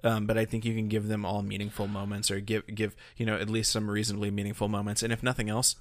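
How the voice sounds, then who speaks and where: A man's voice: fairly low pitch, monotone, fast, no echo. A man co-hosting a podcast in casual chat, rambling with many fillers and restarts. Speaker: podcast co-host.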